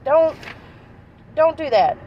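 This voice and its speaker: A woman's voice: high-pitched, lively intonation, takes it slowly, lo-fi sound, a little hiss or hum, voice pushed up. A woman voicing Moses as he begs God not to destroy the people, pleading over and over. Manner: begging, repetitive pleading.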